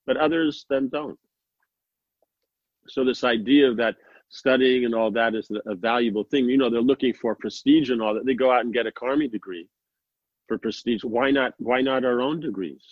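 A man's voice: medium pitch, moderate pace. A man gives an informal spiritual discourse, circling his points with restarts and fillers and mimicking others' remarks. The recording is dull and lo-fi, with no room echo at all. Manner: rambling, many fillers and restarts, quotes others in mock voices. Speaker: sannyasi teacher. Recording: dry, muffled lo-fi sound.

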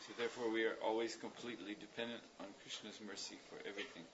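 A man leading a religious class, explaining ideas at length in a thoughtful, meandering way with pauses and fillers. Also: on the low side, fairly even intonation, background noise. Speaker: spiritual teacher leading a class. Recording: dull lo-fi recording.

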